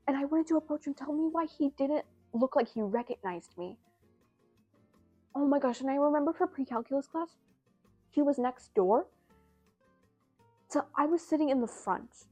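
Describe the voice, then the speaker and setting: A woman's voice: on the high side, a little fast, a little mellow, muffled recording, faint music behind. A young adult woman vlogging from home in a casual, rambling, self-deprecating way, with lots of fillers. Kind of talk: casual chat to camera.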